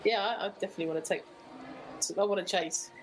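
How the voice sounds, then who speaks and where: A woman's voice: lowish voice, fairly even intonation, quick pace, faint music behind, poor audio. A woman playing a tabletop game, chatty and giggly as she describes her moves. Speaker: player. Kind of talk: casual tabletop play.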